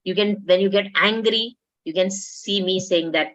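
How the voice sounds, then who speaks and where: A woman's voice: mid-range voice, moderate pace, fairly bright tone. Indian woman coach, coaxing chat. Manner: conversational, coaxing, mixes Hindi into English. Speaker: life coach. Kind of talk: motivational talk with a participant. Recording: dull lo-fi audio.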